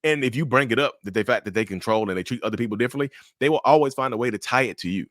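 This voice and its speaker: A man giving blunt, animated commentary to camera about relationships. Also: medium pitch, racing, no echo, clean studio sound.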